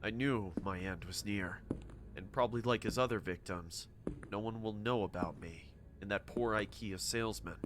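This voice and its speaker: A man narrating a horror story in a steady, dramatic scripted telling. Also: fairly low pitch, normal speed, background noise.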